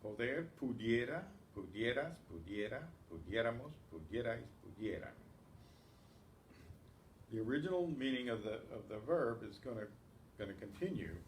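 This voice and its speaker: A man's voice: mid-range voice, expressive, normal speed, slight background noise. A man teaching an advanced Spanish class, patiently explaining grammar and reciting verb forms one by one in drills. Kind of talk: classroom lesson. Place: community class room. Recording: roomy echo, faint ambience.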